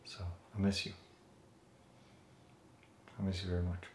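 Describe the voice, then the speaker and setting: A fairly low male voice, earnest and halting, speaking tenderly in casual conversation. It is recorded in an echoey room, with a roomy home sound. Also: completely flat delivery, darkish tone. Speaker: vlogger. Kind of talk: casual chat.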